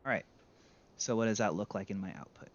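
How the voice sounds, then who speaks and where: A man's voice: fairly low pitch, a little fast, lo-fi sound, slight background noise. A man teaching a screen-share tutorial in a conversational way, correcting himself as he goes. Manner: conversational, self-correcting, lively. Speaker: data instructor.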